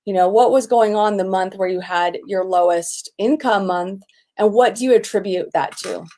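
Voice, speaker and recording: A middle-aged woman leading a live online coaching session. She sounds energetic and enthusiastic, her voice at an ordinary middle pitch. At times she bursts into excited shouts. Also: normal speed. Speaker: business coach.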